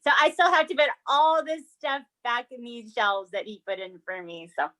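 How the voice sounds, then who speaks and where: A woman co-hosts a casual true-crime podcast, chatting away and laughing often. Her voice is a little high and fairly bright, with lively intonation and a normal speaking speed.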